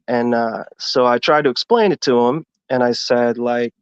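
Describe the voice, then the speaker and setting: A man on a livestream panel telling a long joke in a rambling, halting way, full of fillers. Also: mid-range voice, steady tone, smooth, no echo, highs cut off. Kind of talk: casual debate on a livestream.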